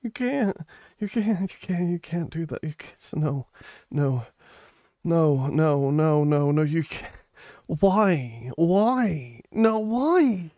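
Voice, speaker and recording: A male streamer chats slowly and loosely, tired and a little high. He pleads and repeats himself in flustered bursts. His voice sits close and dry, with no room around it. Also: animated, a little mellow, no room sound. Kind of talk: casual live-stream chat.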